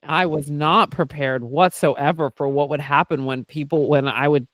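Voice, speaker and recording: A man talking in a casual podcast chat, candid and animated, with a fairly high voice. He swears freely and tucks "like" and "right?" into almost every thought. The sound is close and dry. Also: moderate pace, dry recording. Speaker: podcast host and therapist doing intuitive work.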